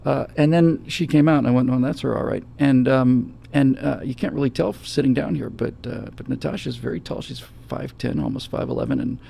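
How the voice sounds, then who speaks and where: A man hosting a casual chat, telling a travel story in an animated way that acts out the scenes. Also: medium pitch, fairly quick, creaky, hardly any pauses, a little hiss or hum. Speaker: host.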